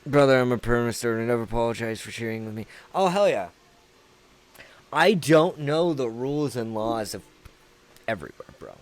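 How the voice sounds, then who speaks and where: A man's voice: medium pitch, expressive, moderate pace. Laid-back Southern man chatting. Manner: laid-back, rambling, profane. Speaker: livestream host. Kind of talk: casual chat with viewers.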